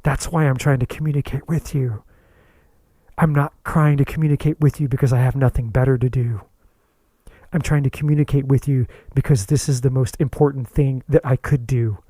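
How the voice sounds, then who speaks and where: A man voicing his own inner spirit in a soft, half-whispered, lower voice that patiently insists. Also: steady tone, normal speed, no echo, natural voice. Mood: hushed urging. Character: inner spirit, calm guiding voice.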